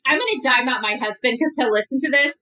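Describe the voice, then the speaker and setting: Woman guest on a podcast, bright tone, jokey storyteller, casual chat. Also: high voice, quick pace, recorded from a distance, poor audio. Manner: animated, joking storyteller.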